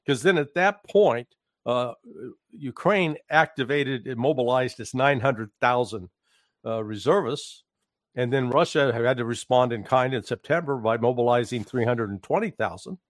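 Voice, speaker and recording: A man giving political commentary in conversation, emphatic and halting, with restarts and fillers. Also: mid-range voice, no echo, studio quality. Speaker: guest commentator.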